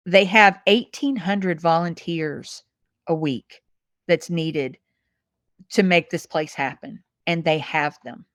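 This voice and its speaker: A woman's voice: sits low, no room sound, clean studio sound. A woman speaking as a podcast guest, earnest and emotional, often repeating words. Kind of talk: heartfelt interview conversation.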